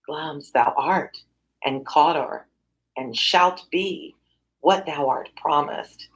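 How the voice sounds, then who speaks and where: A woman reading the part of a scheming, ambitious noblewoman aloud, slowing on key words. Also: sits low, pitched below the performer's own voice. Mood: urging.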